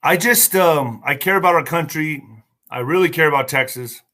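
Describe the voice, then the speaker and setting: A man hosting a political livestream, talking in an excitable, mocking, rambling way with many asides. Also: a little high, normal speed. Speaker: livestream host.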